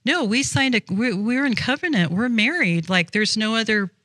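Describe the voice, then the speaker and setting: A woman's voice: fairly high pitch, lively intonation, normal speed, a bit bright, dry recording, big-room sound, pitched above the performer's own voice. A woman voicing a bewildered, indignant newlywed husband in a spoken anecdote. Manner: indignant, protesting.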